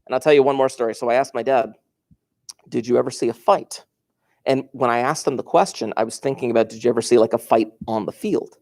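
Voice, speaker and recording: A man's voice: medium pitch, fast talker, few pauses, a little mellow. Chatty male teacher telling classroom stories. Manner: chatty, digressive, asks the class questions. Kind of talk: classroom lecture, storytelling.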